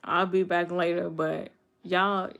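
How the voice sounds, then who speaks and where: Hurt, halting young woman with gravelly voice. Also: on the low side, little pitch movement, a bit bright, muffled recording. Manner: hurt, halting, repeats herself. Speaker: livestream host. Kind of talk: casual live chat reading comments.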